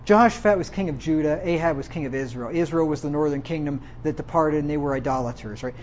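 A man's voice: on the high side, darkish tone, slight background noise. Man teaching scripture, dull lo-fi sound. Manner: reads scripture then retells it in plain slang. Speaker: preacher. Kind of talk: Bible teaching with casual paraphrase.

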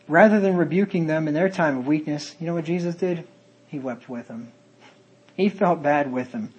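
A man's voice: on the high side, a little mellow, husky, low-quality recording. A man preaching a sermon in an earnest manner, reading Bible verses aloud in old-fashioned wording.

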